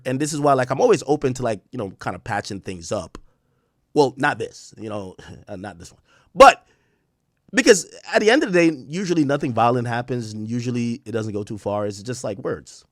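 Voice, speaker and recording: A man's voice: mid-range voice, no room sound, studio quality. A man telling a long, profane story in a casual rant, rambling with many restarts and bursts of laughter. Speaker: streamer and commentator.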